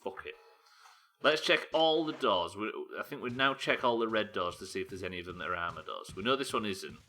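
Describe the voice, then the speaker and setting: A man's voice: on the low side, animated, fairly quick, bright, forceful tone. A man with a Yorkshire accent chatting to his viewers while playing a game, joking and asking questions aloud. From Yorkshire, England. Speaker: streamer. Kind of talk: casual game-stream chat.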